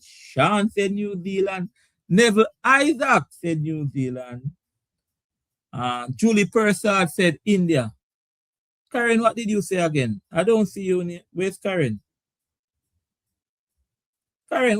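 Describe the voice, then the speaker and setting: A man's voice: sits high, fairly bright tone, dry recording. A man hosting a casual live sports talk stream. He laughs often and reads out viewer comments. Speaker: sports talk show host.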